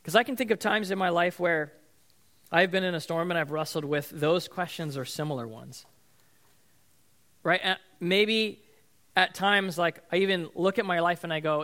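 A man's voice: high voice, moderate pace, a bit bright. A man, likely a pastor, giving a casual, conversational sermon with frequent ums and likes, now and then acting out the people in the story.

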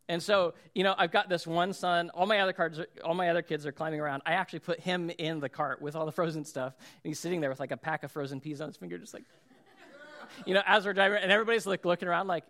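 A man in his thirties, a pastor preaching a sermon in a chatty, self-deprecating way, telling stories about his kids with quick laughs. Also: fairly high pitch, fairly bright tone.

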